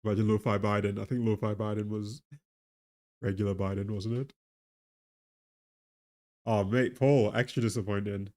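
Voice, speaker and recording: His voice sits on the low side, slightly mellow, delivered flatly at normal speed with frequent pauses. He's a tired man with a weak Geordie accent chatting casually on a live stream, rambling and laughing about the economy while addressing chat and a pet.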